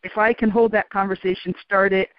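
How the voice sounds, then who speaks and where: Woman guest, relaxed storyteller, laughs easily; muffled, dry broadcast sound. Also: medium pitch, a little fast, dry recording. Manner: calm, animated, laughs often. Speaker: interview guest. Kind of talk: storytelling in a radio interview. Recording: dull, dry radio sound.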